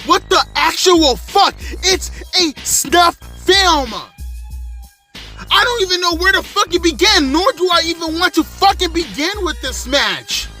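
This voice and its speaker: A man in his thirties rants from inside his car in a high, piercing voice, swearing nonstop and circling back over the same complaints with mounting exasperation. Faint music hums underneath. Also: animated, a little slow, sharp tone. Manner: exasperated, repetitive, swearing constantly. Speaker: wrestling show reviewer. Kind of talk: angry profane rant.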